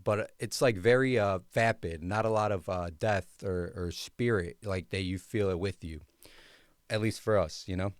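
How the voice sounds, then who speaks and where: A young man talks casually through his own story on a podcast, loose and slangy with plenty of ums and likes. His voice sits a bit low and comes across smooth and clean. The sound is dry and close, with no room echo. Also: normal speed. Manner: laid-back, slangy, many fillers. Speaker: podcast host.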